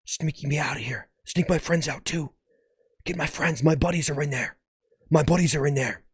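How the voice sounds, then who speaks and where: A man's voice: medium pitch, normal speed, darkish tone, dry recording, clean studio sound, close to an everyday voice. A man voicing a male cheeseburger who pleads and bargains not to be eaten in an improvised sketch. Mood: pleading.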